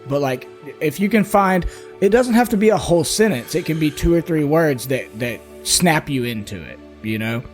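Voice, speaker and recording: A man's voice: fairly high pitch, animated, moderate pace, faint music behind. A middle-aged man from the US South, co-hosting a tabletop podcast in loose, profane casual chat. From Mississippi, US South. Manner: loose and profane, full of "like" and "you know". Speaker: podcast co-host, game master.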